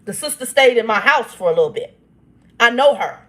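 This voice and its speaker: A woman's voice: a little high, expressive, fairly quick, pushed and bright. A woman, telling a family dispute in a casual vlog. She reads text messages aloud and breaks in with blunt, irritated asides. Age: 50s. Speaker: channel host.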